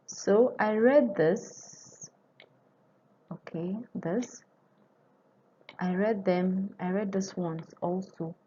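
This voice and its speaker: A woman's voice: medium pitch, darkish tone, lo-fi sound. A woman teaching a language lesson, patiently repeating and drilling forms aloud, recorded on a computer mic. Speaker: French teacher.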